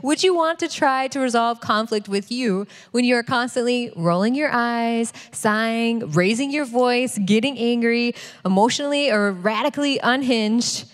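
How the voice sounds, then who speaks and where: A middle-aged woman co-preaching a sermon with her husband, earnest and quick to laugh. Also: a little high. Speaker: pastor's wife, co-preacher. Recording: long hall reverb.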